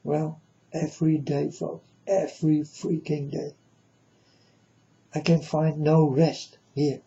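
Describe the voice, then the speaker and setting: Slow, dark-voiced man in a lo-fi monologue. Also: a little high, level tone, gravelly. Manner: solemn, repetitive, keeps addressing "folks". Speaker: self-styled prophet. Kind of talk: rambling spoken monologue to viewers.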